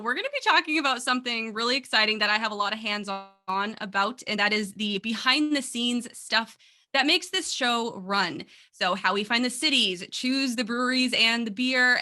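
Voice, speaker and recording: An upbeat woman co-hosts a casual podcast and chats with an easy laugh. Her voice is bright and forceful and sits a little higher than most. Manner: upbeat, chatty, laughs easily. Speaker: podcast producer and co-host.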